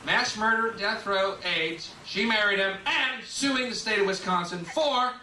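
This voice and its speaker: A man's voice: high-pitched, measured pace. A young man doing a sardonic stand-up routine on a club stage, sometimes slipping into mocking voices. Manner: sardonic, shifts into mocking mimicry. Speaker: stand-up comedian. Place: comedy club stage before a laughing audience. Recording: roomy, distant club tape with loud hiss.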